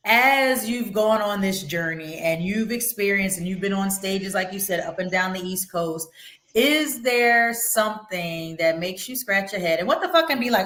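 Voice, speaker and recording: A woman hosting a podcast, talking in an energetic, emphatic casual way. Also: mid-range voice, echoey room. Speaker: podcast host.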